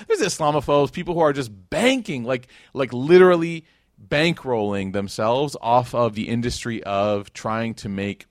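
A man tells a story as a casual lecture, chatty and loose, often checking in with the listeners and acting out the quotes. His voice sits in an ordinary middle pitch. The sound is dry and close, with no room echo. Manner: conversational, many fillers like "like" and "right?", acts out quotes. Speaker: speaker teaching Islamic history.

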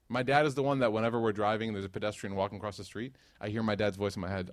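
Man giving an animated sermon. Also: lowish voice, no echo, studio quality. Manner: lively storytelling with a quick rhythm, dropping into hushed asides. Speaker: preacher. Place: talk to a live audience.

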